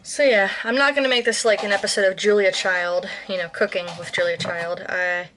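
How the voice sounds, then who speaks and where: A woman's voice: medium pitch, steady tone, brisk, a bit bright, slight background noise. An American woman chatting casually in a cooking vlog, rambling with lots of ums and self-corrections. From United States. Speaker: vlogger.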